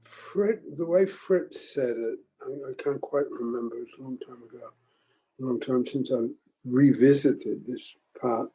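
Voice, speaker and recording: An older man leading a group forum, teaching in a slow, halting way with many pauses and restarts. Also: medium pitch, mellow, poor audio. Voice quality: gravelly, husky. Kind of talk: reflective group teaching talk.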